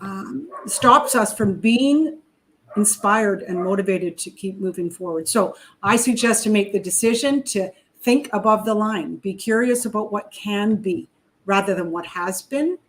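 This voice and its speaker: A woman's voice: mid-range voice, unhurried. A woman from Canada giving motivational advice in an interview, emphatic and preachy, stacking words in lists for effect.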